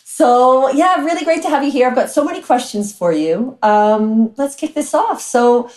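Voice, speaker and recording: A woman's voice: high-pitched, animated, normal speed, darkish tone. A woman hosting an interview podcast, encouraging her guest with questions. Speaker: podcast host. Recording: echoey room with faint music.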